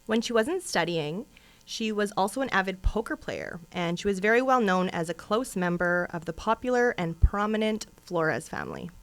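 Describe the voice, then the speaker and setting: A woman's voice: mid-range voice, expressive, normal speed. A woman co-hosting a true crime podcast in casual, chatty talk, rambling into asides and laughing often. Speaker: podcast co-host.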